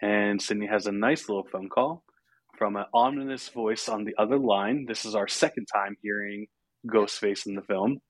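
A man's voice: on the low side, moderate pace, dry recording. A man hosting a podcast, casually recapping a horror film with fillers and chuckles. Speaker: podcast host.

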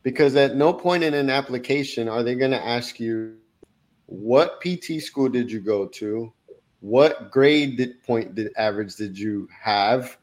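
Relaxed, encouraging male podcast host. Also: mid-range voice, measured pace. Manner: relaxed and encouraging, with fillers like "right?". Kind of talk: casual interview chat.

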